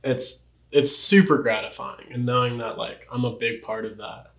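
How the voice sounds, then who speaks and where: A man's voice: mid-range voice, steady tone, normal speed, vocal fry, sharp tone, reverberant, rough recording. A young man chatting casually as an interview guest, laid-back, full of surfer slang and "like". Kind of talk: casual chat.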